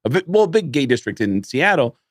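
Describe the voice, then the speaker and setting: A man tells a long anecdote as a podcast guest, jumping in pitch as he acts out each quoted exchange. His voice sits at an ordinary male pitch and is recorded dry. He talks in a loose, casual way. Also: brisk, no echo. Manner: animated storyteller, acts out quoted dialogue. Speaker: comedian guest.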